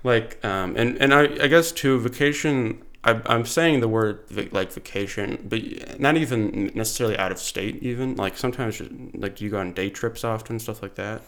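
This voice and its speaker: A man's voice: lowish voice, moderate pace, hardly any pauses. Rambling young man hosting a podcast. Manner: rambling, animated, full of restarts and laughter. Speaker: podcast host. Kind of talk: casual chat.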